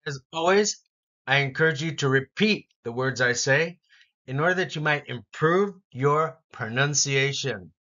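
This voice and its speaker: A man teaching an English vocabulary lesson, saying each word slowly and clearly for learners to repeat. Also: mid-range voice, lively intonation, bright, forceful tone, muffled recording. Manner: slow, deliberate word-by-word pronunciation.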